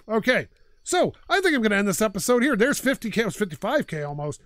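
A man's voice: sits high, sing-song, fast talker, fairly bright tone, no echo. A man hosting his own gaming channel, chatting and ranting in an opinionated way while he plays. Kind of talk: casual gameplay commentary.

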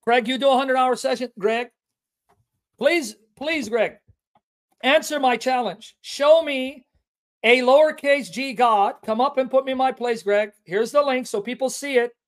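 A very high-pitched man runs a Christian apologetics livestream, taunting and challenging an opponent. His delivery is emphatic, with stressed phrases stretched out slowly.

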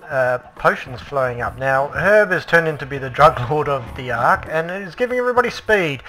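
A man casually commentating a tour of a Minecraft build, chatty and excitable, with frequent ums and restarts. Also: on the high side. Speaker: Minecraft let's play host.

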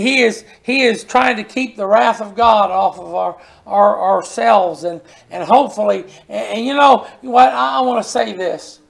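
A preacher delivering a folksy sermon and reading scripture aloud. The voice is gravelly, and words are often repeated when a point is pressed. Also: medium pitch.

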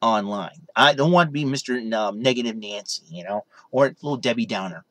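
A man's voice: on the low side, brisk, a bit bright, no room sound. A young man casually vlogging from his room in his parents' basement, rambling and saying "you know" constantly. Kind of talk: casual vlog chat.

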